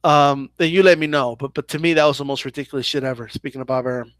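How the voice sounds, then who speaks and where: A man's voice: mid-range voice, quick pace, no room sound. A man hosting a casual live Q&A about boxing, chatty and loose, full of "like" and "right?" as he answers viewer questions. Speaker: boxing channel host.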